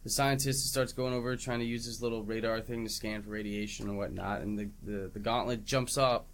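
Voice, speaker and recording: A man on a podcast retelling a film's plot in relaxed, casual chat. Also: on the low side, a little fast. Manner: laid-back plot retelling. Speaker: podcast co-host. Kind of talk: casual movie review chat.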